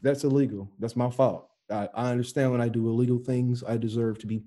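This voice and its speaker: A man telling a story in casual chat, animated and profane, acting out the voices of the people in it. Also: medium pitch, brisk. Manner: animated, profane, acts out voices in his stories.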